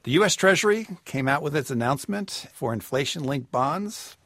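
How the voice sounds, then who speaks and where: Husky-voiced man explaining finances. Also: fairly high pitch, lively intonation, fairly bright tone, dry recording, studio quality. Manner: explanatory, measured. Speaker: personal finance expert. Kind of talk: radio call-in advice. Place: radio studio.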